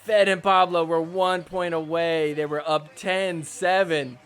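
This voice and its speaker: A young man hosting a podcast, recapping match footage in a joking, excitable way with mock outrage. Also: fairly high pitch, unhurried, soft background music. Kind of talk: casual sports recap commentary.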